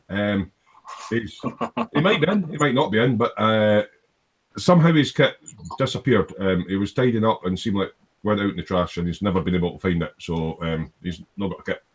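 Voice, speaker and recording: Chatty male live stream host. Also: mid-range voice. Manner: chatty, greets viewers one by one with lots of fillers. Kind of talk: casual live stream chat.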